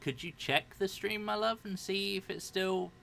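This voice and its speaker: A man running a streamed tabletop game, reading a character's demands slowly and deliberately, then chatting casually with players about connection problems. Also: high voice, creaky, pushed and bright, slight background noise. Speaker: dungeon master.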